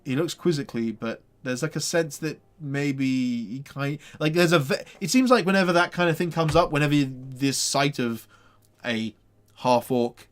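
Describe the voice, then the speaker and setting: A man's voice: fairly high pitch, moderate pace. Rambling male game master. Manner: rambling, full of fillers. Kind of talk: narrating a tabletop game.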